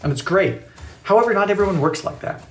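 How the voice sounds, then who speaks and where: Chatty male baking streamer in a small home kitchen, fairly high voice, lots of swing in the pitch, jokey, thanks viewers by name. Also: expressive, fast. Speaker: baking livestream host. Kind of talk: casual live-stream chat while baking.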